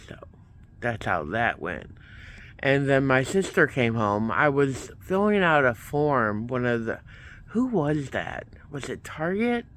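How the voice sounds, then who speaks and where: Slow rambling man telling a story. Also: medium pitch, very animated, a bit bright. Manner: rambling, retells events with quoted back-and-forth. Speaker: vlogger. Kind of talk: casual storytelling vlog.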